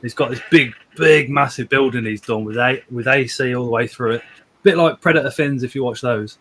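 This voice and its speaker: A man's voice: medium pitch, a little fast, a bit bright. A man hosting a casual live stream from home, rambling, repeating words and chuckling as he reads out viewer comments.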